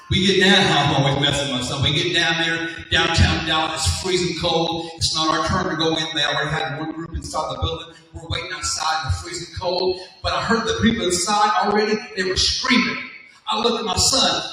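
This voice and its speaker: A middle-aged man, a motivational speaker telling a comic story at a school assembly, animated and jokey as he addresses the audience. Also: sits high, a little fast. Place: large school hall. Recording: echoey hall from far off.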